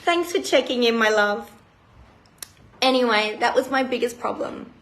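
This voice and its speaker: A woman retreat host talks emotionally and bluntly in a live-streamed personal talk, swearing heavily. Her voice is fairly high, animated and a bit bright at a moderate pace, with a roomy echo.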